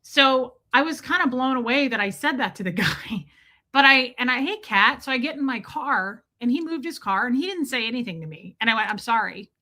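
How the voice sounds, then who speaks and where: Streaming from home, a woman tells her chat a story in a chatty, blunt style, swearing freely. Her voice is high-pitched, bright and pushed, with lively intonation and a brisk pace.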